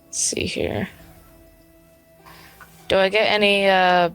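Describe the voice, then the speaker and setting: A woman playing in a tabletop game, thinking aloud in a hesitant, unhurried way. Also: mid-range voice, level tone, a bit bright, clean tone, soft background music. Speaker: player. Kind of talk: casual tabletop play.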